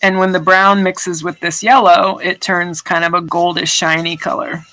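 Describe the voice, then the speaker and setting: While working on art during a livestream, a woman chats loosely, rambling and occasionally swearing. She speaks at normal speed in a lowish, flat, fairly bright voice, captured with poor audio.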